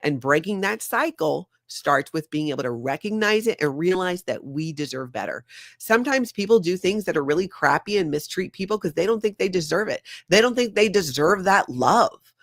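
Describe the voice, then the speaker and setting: A woman's voice: lowish voice, animated, moderate pace, dry recording. A woman hosts a livestream in an earnest, confiding tone, reading viewer comments aloud as she goes. Her voice is recorded dry and close, with no room sound. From former member of a high-control group. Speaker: livestream host.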